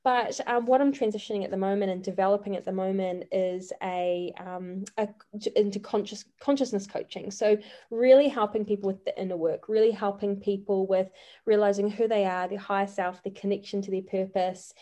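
A woman's voice: mid-range voice, steady tone, fairly quick, mellow. A woman, a life coach speaking earnestly as a podcast guest, with frequent fillers and restarts. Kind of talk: casual interview chat.

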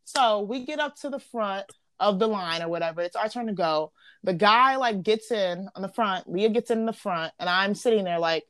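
A young woman hosting a casual podcast, telling a story in a lively, slangy way and acting out what people said. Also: mid-range voice, normal speed, clean tone, no room sound. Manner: animated, slangy, acts out quotes. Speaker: podcast host.

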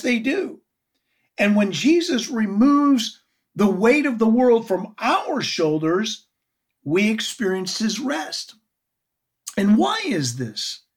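A woman preaches slowly and deliberately, her voice a little husky. Her pitch rises and falls with feeling as she asks her listeners questions and leans on key words. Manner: earnest, expressive, asks the audience questions. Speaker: Bible teacher. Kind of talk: sermon teaching.

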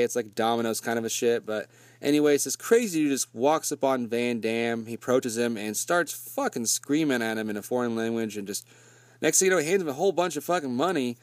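A man's voice: medium pitch, no echo. A man casually recapping a movie plot in a rambling, profane, laid-back way.

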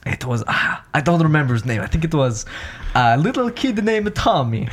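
A man's voice: fairly high pitch, big pitch swings, moderate pace, a little hiss or hum. A man voicing a polite, easily offended male cousin who has no head, in an improv comedy scene. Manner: polite, wounded, mock-formal.

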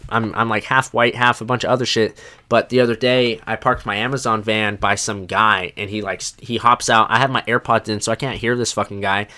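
A man's voice: on the low side, steady tone, a little fast, sharp tone. A man hosting a casual podcast, talking in a laid-back way full of fillers and swearing. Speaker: podcast host.

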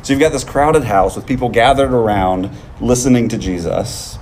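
A man preaching a sermon in a relaxed, conversational way, often checking in with the listeners with a quick "right?". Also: mid-range voice, slight background noise. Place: outdoors on a field.

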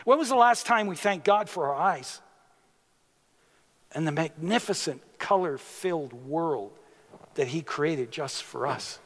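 A man preaching a sermon as a pastor, unhurried, with sudden emphatic rises in his voice. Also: on the high side, animated, fairly bright tone, big-room sound.

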